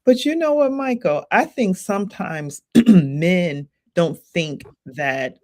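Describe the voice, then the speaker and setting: A woman's voice: on the low side, lively intonation, takes it slowly, warm tone. Woman, podcast co-host, earnest, reflective, casual chat. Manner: earnest, reflective talk with frequent fillers.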